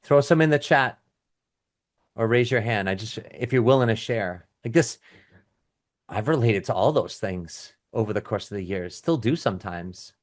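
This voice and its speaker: A man's voice: on the low side, lively intonation, normal speed. A middle-aged man teaching a live webinar as a business coach, talking casually with restarts and asides and reading out audience chat comments.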